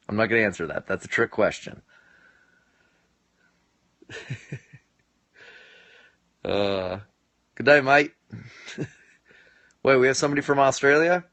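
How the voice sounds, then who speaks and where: A man's voice: fairly low pitch, fairly bright tone, no echo. A man in his late twenties hosting a casual live stream from his home basement, reading and answering viewer comments in a joking way and laughing often. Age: late 20s.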